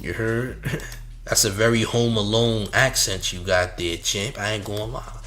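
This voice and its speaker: A man's voice: lowish voice, steady tone, measured pace, a bit bright, faint music behind. A man hosting a reaction commentary, mocking and slangy, laughing often between remarks. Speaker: commentary host.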